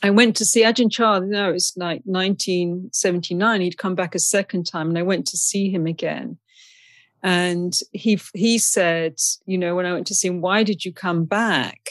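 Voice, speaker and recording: A woman's voice: fairly low pitch, fairly even intonation, normal speed, dry recording. A woman from England, a guest in an interview, telling stories in a chatty, anecdotal way and laughing often. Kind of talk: storytelling in a conversation.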